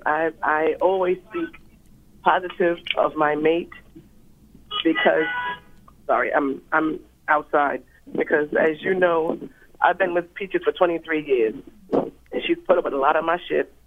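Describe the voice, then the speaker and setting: A man's voice: a little high, slight background noise. Earnest male caller on a tinny phone line. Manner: earnest and heartfelt, with halting restarts. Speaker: radio caller. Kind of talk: call-in radio talk.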